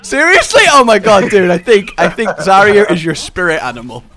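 A young man commentating a video game with friends, excitable and quick to shout and laugh. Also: high-pitched, a loud crowd. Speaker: gaming YouTuber. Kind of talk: casual gameplay commentary with friends.

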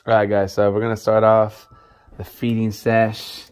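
A man casually chatting on a vlog as he shows his snakes, talking softly and coaxing them. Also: fairly low pitch, completely flat delivery, measured pace. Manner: laid-back, talks softly to his snakes. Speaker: snake keeper showing his collection. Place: indoor snake room.

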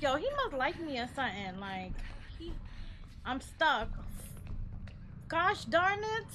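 A young woman streaming a game, reacting loudly with shrieks and laughs and talking back to the game in slang. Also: high voice, sing-song, takes it slowly, long pauses, background noise. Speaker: gaming streamer. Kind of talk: live gameplay commentary.

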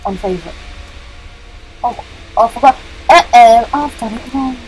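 A woman hosting a gaming channel, giving jokey, excitable let's-play commentary, yelling and chanting at the game as she plays. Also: a little high, unhurried, faint music behind, poor audio. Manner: jokey, self-mocking.

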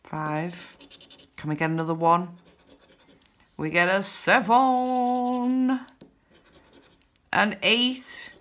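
A woman hosting a scratchcard video, counting numbers aloud in casual narration with bursts of excited whoops. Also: medium pitch, drawn-out words, long pauses. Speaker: scratchcard channel host.

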